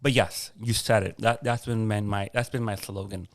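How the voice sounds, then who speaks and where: A man, a podcast guest, telling a personal story in an earnest, animated way and acting out past conversations. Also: fairly low pitch, moderate pace, no room sound, studio quality. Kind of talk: personal story in a casual interview.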